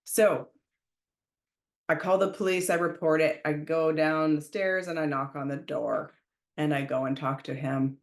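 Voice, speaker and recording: Canadian woman podcaster telling a story, slow and deliberate, pretty echoey room. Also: low-pitched. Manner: emphatic, animated retelling with raised quoted shouts. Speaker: podcast host. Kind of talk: casual storytelling monologue.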